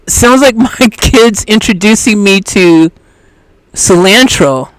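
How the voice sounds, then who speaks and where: A live-stream host chatting casually with viewers, telling stories in a rambling, animated way. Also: medium pitch, slow pace, no echo. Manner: rambling, animated storytelling with restarts. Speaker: livestream host.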